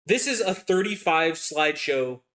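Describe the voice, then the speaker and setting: A man's voice: fairly high pitch, animated, moderate pace, a bit bright. A young man co-hosting a podcast in casual chat, laughing often and rambling with lots of fillers. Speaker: podcast co-host.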